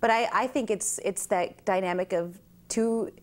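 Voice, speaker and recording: A woman's voice: medium pitch, moderate pace. Woman telling stories with acted-out voices. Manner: lively storyteller who acts out other people's voices. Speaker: actress and guest. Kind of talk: casual chat.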